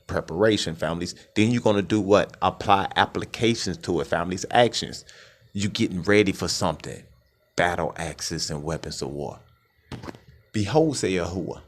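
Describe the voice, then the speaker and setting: A man preaches over scripture in a low voice that rises and falls dramatically. He keeps asking his listeners to answer him. Faint background noise sits under his voice. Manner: calls out "families", asks call-and-response questions.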